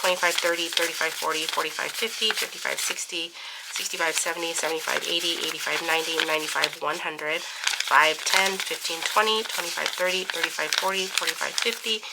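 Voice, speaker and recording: A woman's voice: low-pitched, steady tone, brisk, creaky, heavy background noise. A woman hosting a budgeting channel, talking casually with lots of fillers while counting cash aloud, recovering from bronchitis. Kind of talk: casual chat.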